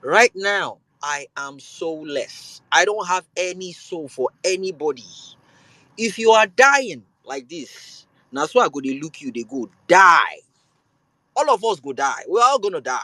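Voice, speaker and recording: A Nigerian man hosting a show, delivering an impassioned political rant that swings between calm and loud. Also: high voice, unhurried, no echo, rough recording. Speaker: show host.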